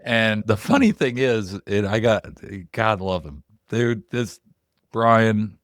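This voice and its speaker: A middle-aged man with a lowish voice hosts a podcast in loose, animated chat. He swears now and then and leans hard on "like". The sound is dry and close, with no room around it. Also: takes it slowly, dry recording. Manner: loose, animated and profane, heavy on "like" fillers. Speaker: podcast co-host.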